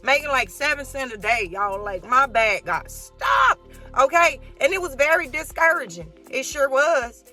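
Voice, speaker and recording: A woman vlogging on a phone, talking loud and profane as she calls her viewers y'all and honey. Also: high-pitched, animated, unhurried, faint music behind. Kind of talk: casual vlog chat. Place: in a car and around a store.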